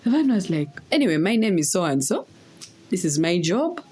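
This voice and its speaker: A young woman tells a story in her vlog, laughing and acting out the voices of other people. Her voice sits on the low side but jumps all over the place. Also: normal speed, husky. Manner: animated, laughing, acts out voices in quotes. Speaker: vlogger. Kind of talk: casual storytelling.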